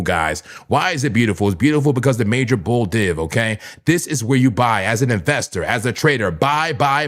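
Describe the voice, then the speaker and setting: Animated man hosting a trading stream. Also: medium pitch, moderate pace. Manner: animated, preachy mock-sermon bursts with chuckles. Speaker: crypto trading livestream host. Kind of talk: live trading commentary.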